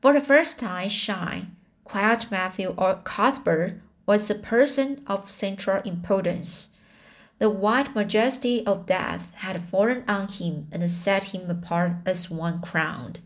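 A woman reading a classic novel aloud chapter by chapter, often pausing on fillers and restarting words. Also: medium pitch. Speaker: audiobook reader.

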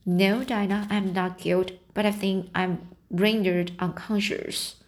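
A woman's voice: medium pitch, steady tone, measured pace, lightly acted. A woman reading an audiobook voices a young girl who talks in an earnest, dramatic way. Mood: pained. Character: imaginative talkative young girl.

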